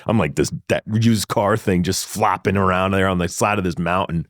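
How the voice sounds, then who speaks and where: A man telling his own story in a studio interview, animated and acting out the dialogue, laughing often. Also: low-pitched, moderate pace. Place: sound studio. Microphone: studio microphone.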